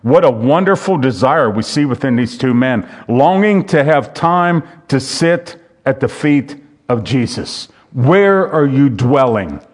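A man's voice: mid-range voice, expressive, measured pace. Man preaching a sermon. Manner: reads King James scripture, then repeats questions rhetorically.

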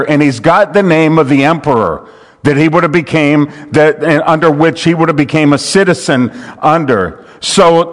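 Earnest man teaching a Bible study. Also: fairly high pitch. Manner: earnest, repeats words as he restarts phrases.

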